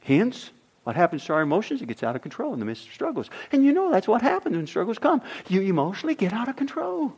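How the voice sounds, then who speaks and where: A middle-aged man preaches a sermon with a lively, sweeping voice that sits a little high for a man. He swings from loud, punched emphasis down to soft near-whispers. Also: fast, husky. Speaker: pastor.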